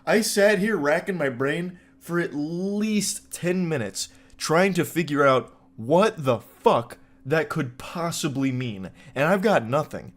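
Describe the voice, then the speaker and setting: A man's voice: a little high, lively intonation, slow pace, hardly any pauses. A man hosting a comedic commentary video, reading forum posts aloud and riffing on them in a sarcastic, incredulous way with plenty of filler words.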